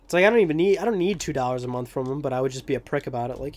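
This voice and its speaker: A man's voice: medium pitch, expressive, racing. A young man giving rambling, joking commentary over gameplay, with profane asides. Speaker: let's play commentator.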